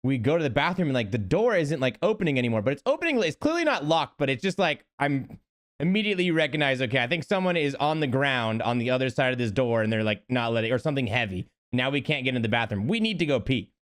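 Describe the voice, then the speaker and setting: A young man, a podcast co-host, telling an animated, laugh-prone story in casual chat. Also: medium pitch, fast talker.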